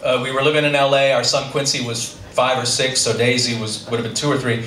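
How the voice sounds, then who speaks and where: Live on stage, a middle-aged man tells a personal story to an audience with dry, self-deprecating humor. His mid-range voice is brisk, bright and forceful, with little pitch movement. The recording is roomy and distant, with audience noise.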